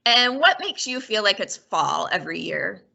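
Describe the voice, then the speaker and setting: Bright lively woman host. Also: medium pitch, moderate pace, creaky. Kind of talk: hosting a discussion.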